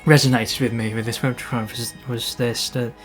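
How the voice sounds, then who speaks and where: Halting, easygoing male photographer. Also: mid-range voice, flat delivery, soft background music. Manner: halting, with many restarts and soft asides. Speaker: landscape photographer. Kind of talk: casual vlog narration.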